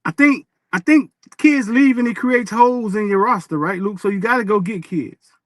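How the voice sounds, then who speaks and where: Man, sports co-host, casual, very high voice, dry sound. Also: moderate pace, fairly bright tone, no echo. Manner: pushes back with short repeated questions.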